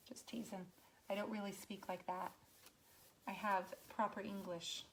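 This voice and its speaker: A woman's voice: mid-range voice, little pitch movement, unhurried, a bit bright. A woman painting furniture on a live stream from her home garage, chatting and teasing her viewers as she works. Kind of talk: casual live-stream chat.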